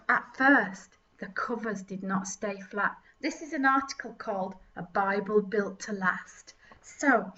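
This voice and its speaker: A woman's voice: a little high, fairly bright tone. A woman giving mocking, giggly comedic commentary with theatrical asides. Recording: distant mic, dull lo-fi sound.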